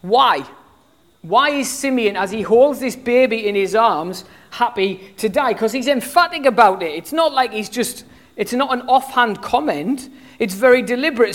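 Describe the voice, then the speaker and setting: A British preacher in their thirties delivers a sermon in a relaxed, conversational way. The delivery is animated, with frequent ums and restarts as thoughts form mid-sentence. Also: mid-range voice, moderate pace. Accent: British English. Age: 30s. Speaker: pastor.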